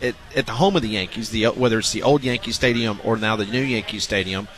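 A man's voice: lowish voice, fast, a bit bright. A man hosting a sports talk radio show, chatting casually and reading out baseball news.

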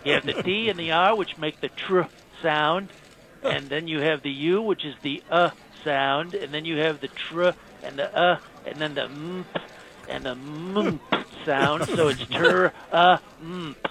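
A man's voice: a little high, unhurried, vocal fry, fairly bright tone, rough recording. A man doing a comedy sketch impression of a boastful, rambling male president who praises himself and repeats his words. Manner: rambling, self-praising, repetitive.

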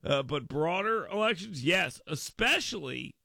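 Gravelly, bright-voiced radio host. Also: male voice, fairly high pitch, unhurried, no room sound. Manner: animated, acts out others' voices in quotes; self-correcting, repeats words as he goes. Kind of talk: political talk radio commentary.

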